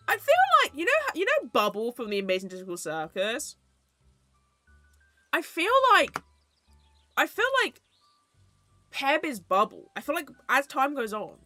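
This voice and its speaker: A young woman chats through a stream and drifts from topic to topic, swearing freely. Her voice is bright and clear, and her pitch swings up and down a lot. Soft music plays behind her. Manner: rambling, chatty, swears casually. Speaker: VTuber streamer. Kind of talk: casual stream chat.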